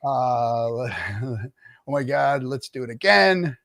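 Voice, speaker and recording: In a dry recording, a middle-aged livestream guest talks slowly but animatedly, his medium-pitched, fairly bright voice showing vocal fry. He tells a long, casual anecdote and voices the other people in it.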